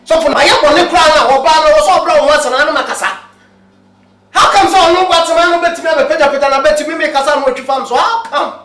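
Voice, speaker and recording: A heated, indignant complainer. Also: female voice, sits high, quick pace, fairly bright tone. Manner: heated, argumentative, mixing Twi and English. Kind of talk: Ghanaian film drama dialogue. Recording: echoey room with faint music.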